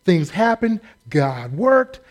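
Male American preacher, high voice, animated and funny in the pulpit. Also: slow pace. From United States. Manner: animated, joking asides and acted-out quotes. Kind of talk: humorous sermon.

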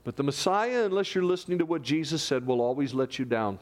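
This fast-talking preacher has a fairly high voice, and his animated sermon jumps between booming quotations and near-whispers.

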